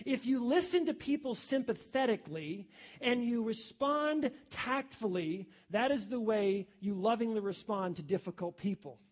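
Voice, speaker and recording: A man's voice: extremely high pitch, a little mellow. A man preaching a sermon, emphatic and repeating his key phrases, calling listeners his friends.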